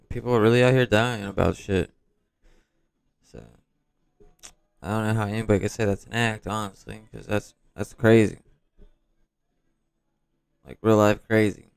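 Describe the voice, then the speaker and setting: A man's voice: fairly low pitch, fairly even intonation, normal speed, creaky, long pauses, smooth, no room sound. A man hosting a reaction video, commenting casually in street slang. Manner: casual, street slang, asks questions aloud.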